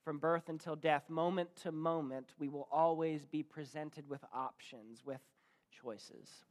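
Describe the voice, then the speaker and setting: Casting note: male pastor, fairly high voice, sermon delivery, loud-soft swings. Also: fairly even intonation, measured pace. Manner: storytelling with dynamic swings in loudness. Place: church.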